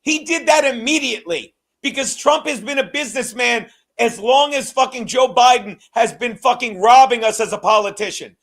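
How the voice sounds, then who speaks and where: Speaking at normal speed with hardly any pauses, this man has an extremely high, fairly bright voice. He's a political host on a heated, swear-filled rant, repeating one phrase over and over.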